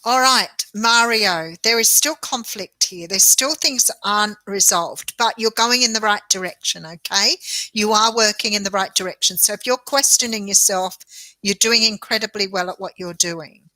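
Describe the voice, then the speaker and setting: A woman's voice: medium pitch, moderate pace, bright, forceful tone, no echo. An Australian woman, a tarot reader, giving chatty and reassuring readings on a live stream with frequent laughter.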